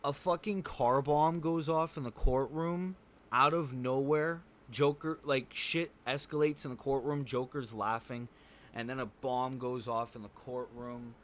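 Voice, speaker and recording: A man's voice: medium pitch, steady tone, measured pace. A man giving a casual spoken movie review, blunt and profane, rambling with fillers like "um" and "like".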